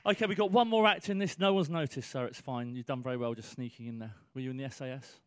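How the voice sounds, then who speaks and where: A man compering a live comedy show, loudly bantering with the audience between acts. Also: medium pitch, quick pace.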